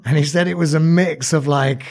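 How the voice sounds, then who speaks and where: A man's voice: on the high side, steady tone, brisk, crowd noise. A man, an actor, talking casually in an interview, rambling and self-mocking with restarts. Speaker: actor and songwriter guest.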